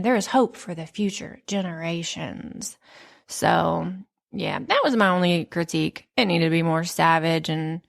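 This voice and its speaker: A woman in her thirties hosting a podcast, telling stories in a candid, profane, animated casual chat. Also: mid-range voice, vocal fry. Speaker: podcast host.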